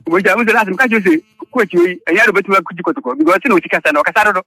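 A man's voice: sits high, rapid-fire, sharp tone. A man calling in to a radio sports show, bluntly and emphatically criticizing a coach. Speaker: caller.

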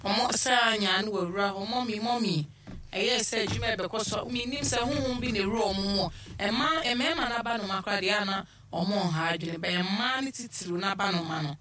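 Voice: medium pitch, brisk, pushed and bright. A caller on a call-in radio show, explaining things steadily at length.

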